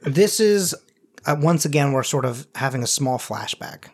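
A man's voice: medium pitch, lively intonation, moderate pace, darkish tone. A man running a tabletop role-playing game as game master, narrating casually with lots of "sort of" and "um". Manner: casual, hesitant with fillers like "sort of" and "um".

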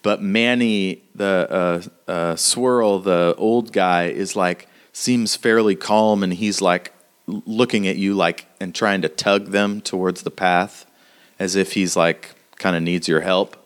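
A man runs a tabletop game as game master. He narrates casually and fills his talk with fillers. His voice sits somewhat low. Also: steady tone, slow, smooth.

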